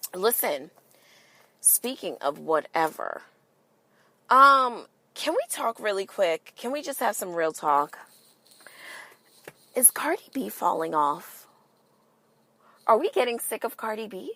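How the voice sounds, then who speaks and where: A woman's voice: mid-range voice, big pitch swings, takes it slowly, pauses often, bright, forceful tone, dry recording. A woman hosting a podcast in a casual monologue, emphatic and swearing freely, firing rhetorical questions at listeners. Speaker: podcast host.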